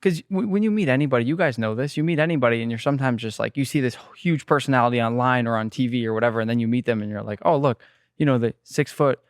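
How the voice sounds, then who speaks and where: Young man, quick talker, smooth clear voice, dry close sound, rambling stories. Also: medium pitch, dry recording. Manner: rambling, animated storytelling. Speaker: guest chef. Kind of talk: casual podcast interview.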